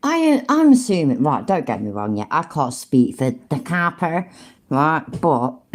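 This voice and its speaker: British woman host, lowish voice with big swings, sweary and sarcastic. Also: a little mellow. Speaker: reaction video host. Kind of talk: casual commentary reacting to a clip.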